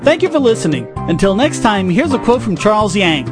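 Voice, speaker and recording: A man's voice: high-pitched, big pitch swings, a little fast, few pauses, over music. A man hosting his podcast, delivering scripted opinion commentary in a sarcastic, ranting manner. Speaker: podcast host.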